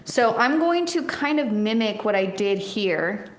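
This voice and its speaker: A woman in her thirties chatting warmly through a painting lesson, encouraging and quick to laugh. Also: medium pitch, expressive, roomy sound. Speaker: art teacher. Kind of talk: casual painting tutorial.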